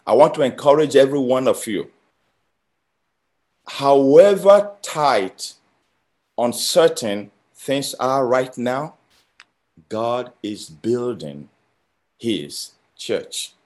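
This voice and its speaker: A man preaching a sermon, emphatic, building phrases through repetition and swinging between loud and quiet. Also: mid-range voice, animated, slow, pauses often. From Nigeria. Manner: emphatic, with rising and falling intensity and repeated phrases.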